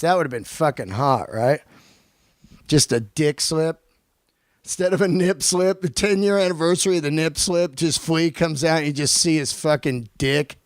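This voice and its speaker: A male podcast host delivering a profane, animated comedic rant on his own. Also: fairly high pitch, no room sound, studio quality. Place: lives in Los Angeles.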